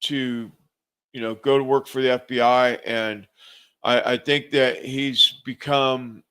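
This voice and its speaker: A man's voice: medium pitch, fairly even intonation, takes it slowly, bright, forceful tone, clear, resonant tone. A man hosting a talk show, speaking hesitantly with many fillers. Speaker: host. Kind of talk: casual talk show chat.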